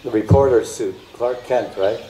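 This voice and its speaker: A man's voice: medium pitch, unhurried, warm tone. A man giving a devotional storytelling lecture as a spiritual teacher, emotive and repetitive, now and then slipping into chanted song. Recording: echoey room, faint background noise.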